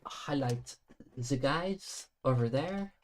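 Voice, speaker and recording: A man chats casually on a livestream while he grinds through homework. His voice sits at a middle pitch. He mutters to himself, swings from loud outbursts to near-whispered mumbles, and slips into silly made-up words and shaky French. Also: lively intonation. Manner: drifts between loud bursts and quiet mumbling; mixes in halting French. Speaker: streamer doing homework.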